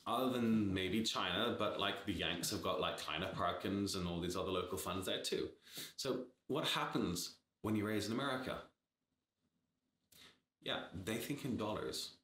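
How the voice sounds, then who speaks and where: A man's voice: lowish voice, normal speed, fairly bright tone, reverberant. A man giving blunt, sarcastic startup advice in a casual talk to camera, swearing freely. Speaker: startup advisor.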